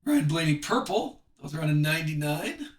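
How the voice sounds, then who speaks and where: A man's voice: a little high, very animated, roomy sound, far from the mic. Chatty man hosting a card break. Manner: chatty, reads card names off quickly. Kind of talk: live card break commentary.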